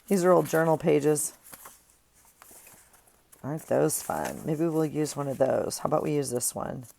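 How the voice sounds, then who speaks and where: A woman's voice: sits low, lively intonation, a little slow, gravelly, long pauses, warm tone. A woman chatting casually to viewers at her craft desk, rambling and friendly, recorded on an earphone mic. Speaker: craft vlogger. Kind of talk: casual chat while crafting.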